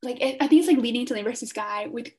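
A woman's voice: on the high side, rapid-fire, darkish tone. A young woman co-hosting a podcast, gushing with enthusiasm in casual fan chat. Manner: enthusiastic, gushing, heavy use of "like". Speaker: podcast co-host.

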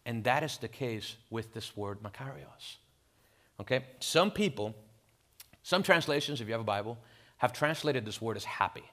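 A man preaching a sermon in a lively, animated way, with rhetorical questions and casual asides. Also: mid-range voice, normal speed. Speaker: pastor. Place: church in Miami.

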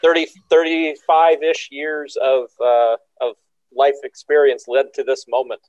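A man's voice: mid-range voice, flat delivery, a little mellow, no echo. Stammering man co-host, dull dry audio. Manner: halting, stammering questions. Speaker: podcast co-host. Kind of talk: casual interview.

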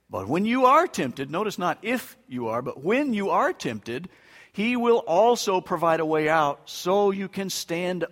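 High-voiced male pastor in a reverberant hall. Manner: emphatic, swings between loud bursts and quiet asides; conversational with humor. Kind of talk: sermon. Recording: long reverb of a large hall.

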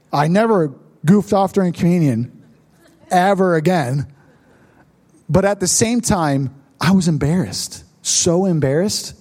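A young male pastor preaching in a relaxed, storytelling way, often asking the congregation whether they remember. His voice sits a little high and sounds warm and mellow. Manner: storytelling, conversational with congregation asides. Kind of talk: sermon with personal story.

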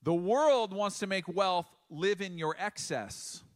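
A middle-aged man giving a sermon in a conversational way, with emphatic pauses and frequent restarts. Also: sits high. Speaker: pastor.

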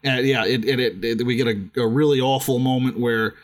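A man's voice: medium pitch, steady tone, brisk. A man co-hosting a podcast, chatting casually about a book, rambling with lots of restarts and frequent laughter. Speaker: podcast co-host.

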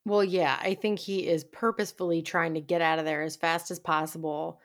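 A woman's voice: deep voice, level tone, fairly quick. A woman co-hosting a podcast, chatting casually about a TV episode and laughing often as she talks. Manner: giggly, laughs often while talking. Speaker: podcast co-host. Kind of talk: casual chat recapping a TV show.

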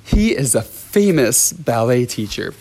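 A man's voice: medium pitch, very animated, unhurried, a little mellow. A man imitating a gushing older woman. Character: chatty, overeager older woman stranger.

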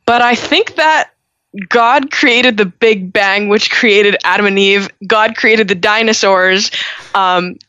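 A woman's voice: mid-range voice, sharp tone, smooth, dry recording. A young woman from Montreal, a singer-songwriter guest, chatting upbeat and talkative with frequent restarts. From Montreal, Canada. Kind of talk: casual interview chat. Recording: dull lo-fi audio.

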